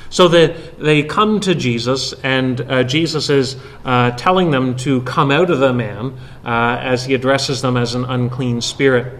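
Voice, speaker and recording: A man's voice: medium pitch, fairly bright tone. Earnest man preaching a sermon. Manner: earnest expository preaching with frequent "uh" pauses.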